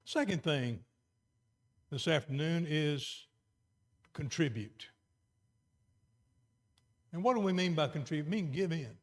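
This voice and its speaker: A middle-aged man preaching a sermon, moving between quiet, earnest emphasis and raised exhortation. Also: fairly high pitch, expressive, a little slow, long pauses.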